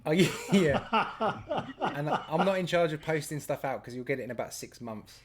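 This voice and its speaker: A man hosts a casual live stream and greets viewers one after another. His voice sits a little high for a man, and he talks in a loose, chatty way with easy laughter. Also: expressive, moderate pace. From England. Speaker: host.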